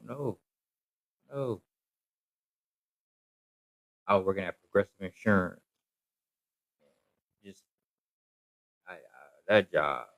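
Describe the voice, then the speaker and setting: A man's voice: lowish voice, dry recording, rough recording. A man ranting casually to camera in a rambling, repetitive, emphatic way. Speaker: social media commentator.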